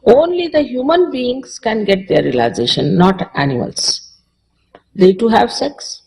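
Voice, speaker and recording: Lively Indian-accented woman giving a spiritual talk. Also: on the high side, a little slow, vocal fry, rough recording. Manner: conversational, repeats short phrases for emphasis. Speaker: spiritual teacher. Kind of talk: public spiritual lecture.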